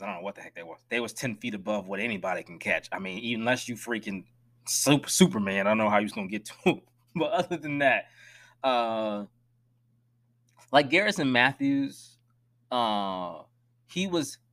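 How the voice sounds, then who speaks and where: A man hosting a solo sports podcast, talking emphatically and swinging between loud outbursts and hushed asides. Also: medium pitch, lively intonation, moderate pace. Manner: direct, addresses listeners as y'all. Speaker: podcast host.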